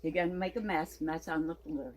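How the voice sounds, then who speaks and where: A woman's voice: low voice, a little fast, a little mellow, a little hiss or hum. A woman talking to her pet snake in a casual vlog, cooing baby talk, a little stuffy from her sinuses. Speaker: snake keeper.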